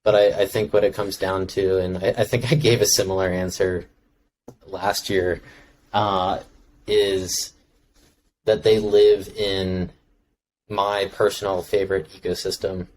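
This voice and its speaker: Young adult male guest, very low monotone, laid-back musing chat, faint background noise. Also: unhurried, rough recording. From Maryland, United States. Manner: relaxed, reflective, many filler words. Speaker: podcast guest, filmmaker. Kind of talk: casual chat.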